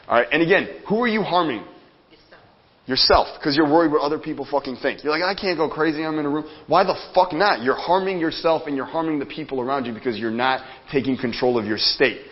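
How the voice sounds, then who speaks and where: A man's voice: medium pitch, brisk. Man, motivational seminar speaker, profane, fired up, muffled lo-fi sound. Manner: energetic, profane, addresses the room directly. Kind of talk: live motivational seminar talk. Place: conference room with audience. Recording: dull lo-fi sound.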